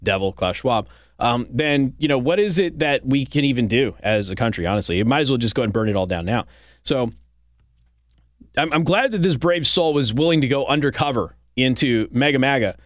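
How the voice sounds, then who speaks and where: A man hosting a satirical monologue, deadpan and mock-serious with casual fillers. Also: mid-range voice, fairly quick, no room sound, studio quality. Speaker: host.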